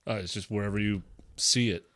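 A man's voice: on the low side, steady tone, a little fast, fairly bright tone. A man co-hosting a podcast, bantering with jokes and swearing. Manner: joking, profane banter. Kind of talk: casual chat.

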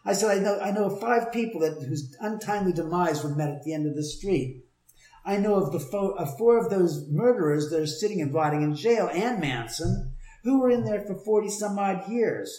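A man telling a long story in casual conversation, heated, profane and animated. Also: sits high, moderate pace. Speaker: storyteller, homeowner with a haunted house. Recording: roomy echo.

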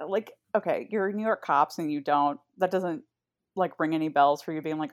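A woman's voice: deep voice, moderate pace. A woman co-hosting a podcast, reacting loosely with fillers and the odd swear. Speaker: podcast co-host. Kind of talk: casual podcast chat.

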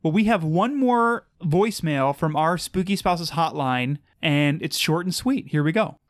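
A woman's voice: sits low, expressive, unhurried. A woman co-hosting a casual podcast, chatting playfully and acting out silly quoted voices. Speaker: podcast co-host. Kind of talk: casual chat.

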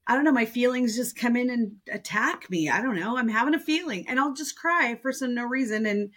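Husky, lively woman chatting. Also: fairly high pitch, brisk. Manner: expressive, laughs often, quotes people in animated voices. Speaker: podcast co-host. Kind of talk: casual chat.

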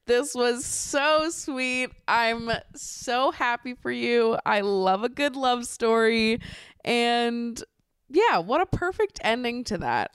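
A woman's voice: a little high, clean tone, dry recording, clean studio sound. Bubbly young woman podcast host. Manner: bubbly, gushing, laughs often. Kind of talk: casual podcast chat.

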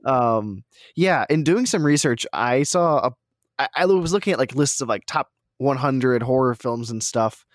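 A man's voice: mid-range voice, expressive, moderate pace, dry recording, studio quality. A man co-hosting a podcast in casual chat, easygoing and hesitant, on a desktop microphone. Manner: easygoing, hesitant, many fillers. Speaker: podcast co-host. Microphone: new desktop USB microphone.

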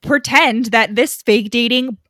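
Animated, higher-voiced woman podcaster. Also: measured pace, dry recording, clean studio sound. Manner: animated, swears, mock-indignant asides. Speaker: podcast co-host. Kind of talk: casual book recap chat.

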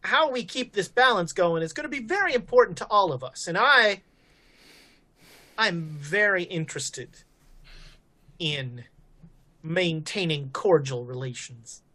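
A woman voicing a courteous, shrewd man who founded the town, speaking slowly and diplomatically. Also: on the low side, animated, sharp tone, full character voice. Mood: diplomatic. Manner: slow, measured, diplomatic.

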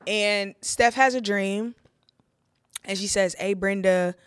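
A woman's voice: medium pitch, steady tone, slow pace, clear, resonant tone, dry recording, clean studio sound. A young woman, a preacher, talking through her testimony on a podcast in a candid, heartfelt way, with a lot of "like" fillers. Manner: conversational, heartfelt, with frequent "like" fillers.

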